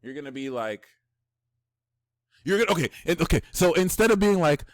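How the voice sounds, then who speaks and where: Lively, excitable male astrologer. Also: on the high side, brisk, no echo, studio quality. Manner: excitable, slangy and profane, swings from hushed to shouting. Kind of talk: personal astrology reading.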